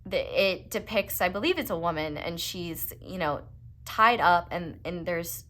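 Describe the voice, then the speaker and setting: A woman's voice: lowish voice, measured pace, fairly bright tone. A young woman, doing a casual, rambling tarot reading full of fillers and earnest asides. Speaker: tarot reader.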